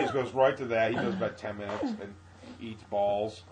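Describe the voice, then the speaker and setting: A man's voice: fairly low pitch, very animated, moderate pace, crowd noise, rough recording. A man comedian telling loose, profane stories in a casual podcast chat. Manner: loose, rambling, profane storytelling. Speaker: guest comedian.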